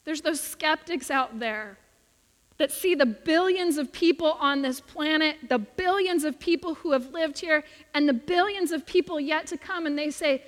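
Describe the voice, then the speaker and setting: High-voiced woman preaching in a reverberant hall. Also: moderate pace. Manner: earnest, emphatic, acts out quoted voices. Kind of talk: sermon.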